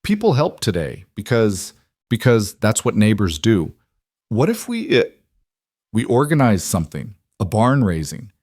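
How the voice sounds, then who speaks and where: A man voicing a shy young husband with a raspy, hoarse voice who talks haltingly and repeats his words. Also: lowish voice, lively intonation, darkish tone, no room sound, studio quality. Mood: resolute.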